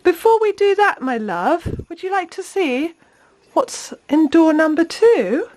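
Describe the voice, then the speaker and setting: A woman's voice: very high-pitched, sing-song, measured pace, darkish tone, slight background noise. A young mother filming a casual home vlog, chatting to camera and coaxing her toddler in a sing-song voice. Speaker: vlogger and mum.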